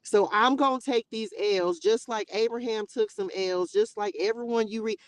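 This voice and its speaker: A woman's voice: fairly high pitch, steady tone, normal speed, rough recording. A woman hosting a casual Bible study livestream, talking emotionally and straight to her viewers. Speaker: livestream host.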